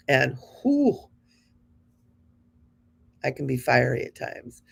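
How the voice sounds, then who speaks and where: A woman's voice: a bass voice, very animated, slow pace, vocal fry, long pauses, husky. A woman in her fifties hosting a spiritual show, talking to her audience in an earnest, encouraging, conversational way. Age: 50s.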